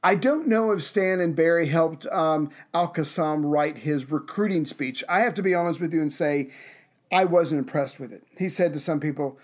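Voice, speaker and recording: Brief: slightly high-voiced man, wry podcast co-host, frank chat. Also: brisk. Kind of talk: casual history chat.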